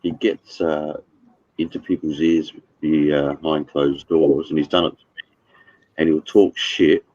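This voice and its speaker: A man's voice: extremely low pitch, steady tone, a little slow, a little mellow, dry recording, dull audio. A man talking bluntly and cursing as he gossips in an online chat. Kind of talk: casual chat.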